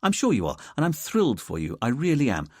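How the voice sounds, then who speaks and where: A man's voice: medium pitch, wildly swooping pitch, fast, darkish tone, dry recording, studio quality, voice pushed up. A man voicing a fussy, pedantic male detective inspector in an audiobook, speaking in a teacherly way.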